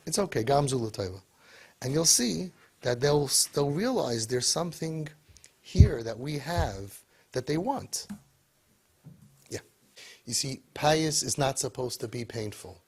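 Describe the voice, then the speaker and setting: Husky-voiced man giving an animated talk. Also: on the high side, normal speed, long pauses. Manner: animated, repetitive, rhetorical questions. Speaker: speaker to parents. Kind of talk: motivational talk.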